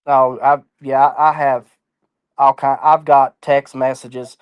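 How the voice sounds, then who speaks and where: A man's voice: medium pitch, flat delivery, slow pace, clear, resonant tone, dry recording, lo-fi sound. A man talking as an interview guest in a casual chat, blunt, defiant and full of swearing.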